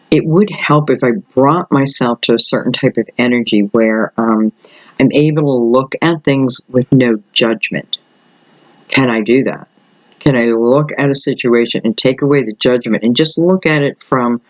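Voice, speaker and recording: An older man, slightly hoarse, giving a rambling solo tarot reading and thinking aloud with many fillers. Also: medium pitch, dry recording, highs cut off. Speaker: tarot reader.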